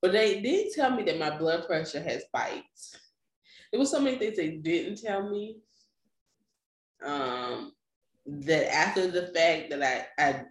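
A young woman chatting casually, telling a story with lots of laughter and acted-out voices. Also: low-pitched. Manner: animated storytelling, laughing often, acting out quoted voices. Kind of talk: casual chat. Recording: echoey room.

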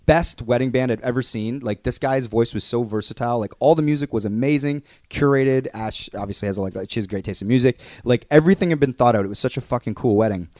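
A man telling a story in casual podcast chat, excitable and rambling, full of "like" fillers. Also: medium pitch, fast talker, hardly any pauses, no echo, clean studio sound. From Canada. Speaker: podcast co-host.

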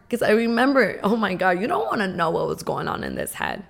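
A woman speaks at an ordinary pitch, telling her own story as a personal testimony. Her delivery is earnest and emotional, and she slows down and pauses to stress key points. It sounds like a motivational talk. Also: lively intonation, vocal fry.

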